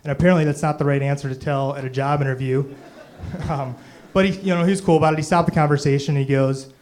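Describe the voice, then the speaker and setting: A man's voice: on the high side, steady tone, fast talker, a little mellow. A young man doing a stand-up comedy set on stage, rambling and self-deprecating, full of "you know" and "um".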